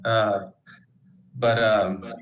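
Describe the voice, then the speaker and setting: A man playing a tabletop game who answers in halting, filler-heavy bursts. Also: fairly low pitch, flat delivery, a little hiss or hum, poor audio. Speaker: player. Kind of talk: casual tabletop play.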